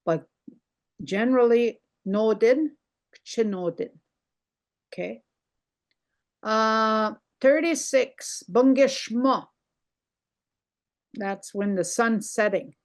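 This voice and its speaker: An older woman teaching a language lesson over a video call, repeating words slowly and explaining how they sound. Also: a little high. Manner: slow, repeats words carefully, explaining pronunciation.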